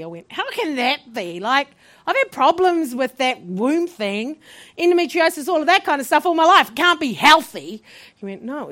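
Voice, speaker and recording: A middle-aged woman giving a personal faith testimony as an interview guest, acting out each voice in her story and laughing often. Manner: animated, acts out each voice in her story with big swings in pitch and loudness; laughs often while telling.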